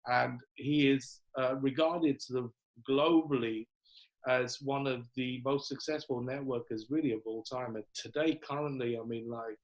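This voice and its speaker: A man hosting a live online coaching call, casual and upbeat, reeling off greetings with lots of fillers. His voice sits at an ordinary middle pitch. It comes through a video-call connection. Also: steady tone, moderate pace, muffled recording. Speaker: host.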